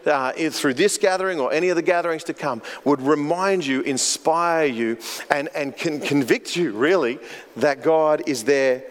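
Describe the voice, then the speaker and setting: A man preaching a sermon as pastor, earnest and storytelling, often repeating words as he goes. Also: a little high. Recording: long hall reverb.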